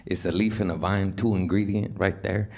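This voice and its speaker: Brash low-voiced male stand-up comic. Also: fairly even intonation, moderate pace. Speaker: stand-up comedian. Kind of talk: stand-up set. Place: comedy club stage before a live audience. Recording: loud laughing crowd, noisy club.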